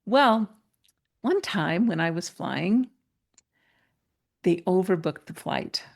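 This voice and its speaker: A woman guest, a mentor and coach, telling a personal story in an interview, animated and laughing, her pitch jumping up when she gets excited. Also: slow, gravelly.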